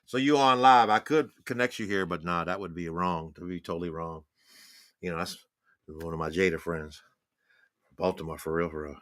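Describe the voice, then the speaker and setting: A man in his sixties hosts a livestream, giving a rambling, profane monologue full of laughing asides. His deep, slightly bright voice moves at a moderate pace, captured by a phone or webcam with no room sound.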